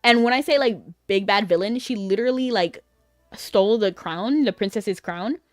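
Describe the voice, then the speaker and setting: A woman's voice: medium pitch, moderate pace, no room sound. A woman streaming a game, chatting casually with her viewers in a rambling, filler-heavy way and laughing easily.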